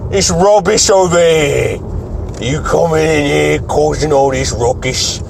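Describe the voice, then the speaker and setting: A man's voice: on the high side, unhurried, creaky, background noise, voice pushed up. A man voicing a blustering Cockney cleaner with a put-on Cockney accent, scolding indignantly.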